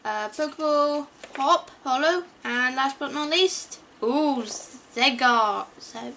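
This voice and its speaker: A woman with a high, sharp, animated voice speaks slowly yet barely pauses as she opens card packs on YouTube. She chatters casually, fumbles card names and gasps at good pulls, with a faint hiss or hum in the recording.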